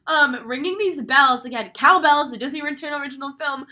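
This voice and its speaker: A young woman co-hosting a podcast, giggly and excitable in casual chat. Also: sits high, fairly quick, crowd noise. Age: young adult. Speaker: podcast co-host.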